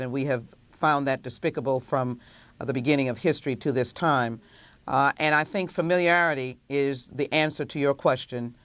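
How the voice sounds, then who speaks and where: A woman legislator gives a measured television interview answer, pausing often to gather her words. Her voice is recorded close and dry, with no room sound at all. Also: very deep voice, clean tone, no room sound. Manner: measured, many filler pauses. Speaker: congresswoman.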